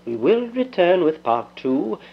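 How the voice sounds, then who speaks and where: August Plum, genial radio announcer. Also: male voice, high voice, big pitch swings, a little slow, gravelly, slightly rough, full character voice. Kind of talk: vintage radio sign-off. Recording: dull lo-fi radio sound.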